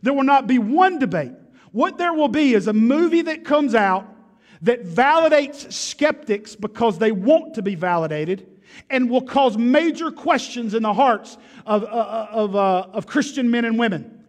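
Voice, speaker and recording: High-pitched preaching man in a reverberant hall. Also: animated, unhurried. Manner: emphatic, rhetorical questions, loud preaching. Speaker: pastor. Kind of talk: sermon. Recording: long reverb of a large hall.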